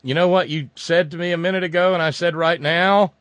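A man hosting a call-in radio show, rambling and joking with sudden loud outbursts. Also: on the high side, fairly even intonation, brisk, no room sound. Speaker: radio talk show host. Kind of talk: casual call-in radio banter. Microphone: studio microphone.

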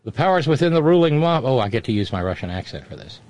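A man with a mid-pitched, ordinary voice reads news items as a show host. He keeps stopping to poke fun at them with wry, mocking asides. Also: very animated, darkish tone, dull audio. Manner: wry, mocking, quick interjections. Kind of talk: reading news with sarcastic asides.

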